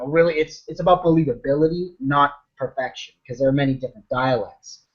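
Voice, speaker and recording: A man's voice: fairly high pitch, fairly quick, few pauses. A man, a game master, explaining tips in casual chat on a video call, talking things through with frequent ums and restarts. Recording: muffled video call audio.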